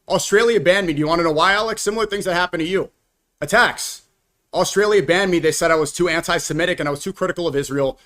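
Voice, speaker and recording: Fast-talking young man in heated debate. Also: fairly high pitch, a bit bright. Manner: insistent, keeps steering back to his point.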